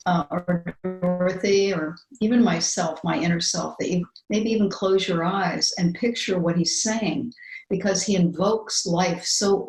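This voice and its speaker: An older woman co-hosting a chat show, talking earnestly with many fillers and restarts, and reading a poem slowly. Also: on the low side, reverberant, rough recording. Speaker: podcast co-host. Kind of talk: casual chat and slow poetry reading.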